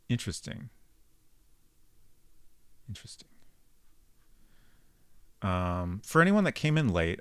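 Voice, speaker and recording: A man giving casual live-stream commentary while playing a game, chatting with viewers and thinking out loud. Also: lowish voice, dry recording.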